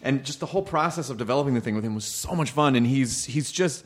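A man's voice: mid-range voice, quick pace. A man hosting a podcast in casual chat, joking, enthusiastic and swearing freely. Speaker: podcast host.

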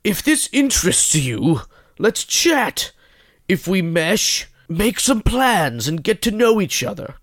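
A man's voice: sits high, sing-song, slow, fairly bright tone, no room sound, clean studio sound, full character voice. A man putting on an older man's voice to read out a dating profile, listing his traits earnestly.

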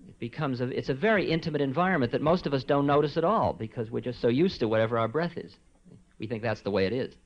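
A man giving a relaxed spiritual talk to listeners, his voice soft and conversational, wandering into asides. The sound is dull and lo-fi, like an old tape recording. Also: medium pitch. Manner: relaxed, conversational, soft-spoken with frequent asides and quiet chuckles. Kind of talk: informal spiritual lecture.

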